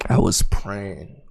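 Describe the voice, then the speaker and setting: Over slight background noise, a young streamer rambles through a story for his chat, swearing often and restarting in fits. His voice falls low and quiet, then climbs loud and high.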